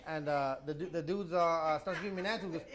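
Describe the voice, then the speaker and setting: A young adult man from the United States, a comedian telling a story in casual chat, animated and often repeating words as he stammers. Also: on the high side, rapid-fire. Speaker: comedian guest.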